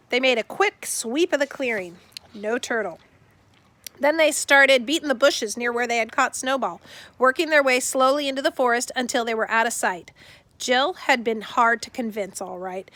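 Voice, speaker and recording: A woman narrating a chapter book aloud in a steady, expressive reading. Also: on the high side, normal speed, dry recording. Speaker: audiobook narrator. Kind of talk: scripted storybook narration.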